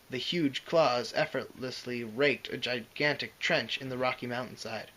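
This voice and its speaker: A man reading fan fiction aloud, expressive and dramatic, with occasional slips and restarts. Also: medium pitch, moderate pace, low-quality recording. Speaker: reader.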